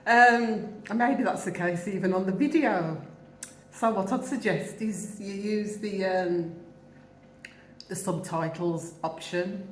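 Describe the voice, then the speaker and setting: At her home in Jamaica, a fifty-something Wolverhampton-accented vlogger eats while chatting to the camera, rambling and frequently laughing. Her medium-pitched voice takes things slowly. The audio is roomy, with a little hiss or hum.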